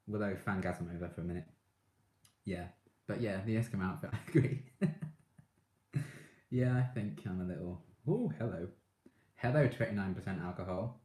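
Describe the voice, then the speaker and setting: A man's voice: low-pitched, normal speed, long pauses, dark tone, echoey room. A man chatting casually on a live stream, reading out viewer comments and gushing about his favourite shows with frequent laughs.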